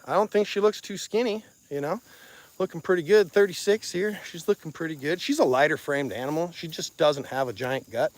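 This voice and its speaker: A man's voice: a little high, fairly quick. A man with a Missouri accent, a rancher talking plainly and chattily with viewers in an outdoor phone livestream from his pasture. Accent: Missouri Ozarks. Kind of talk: casual outdoor livestream talk. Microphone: phone on a selfie stick.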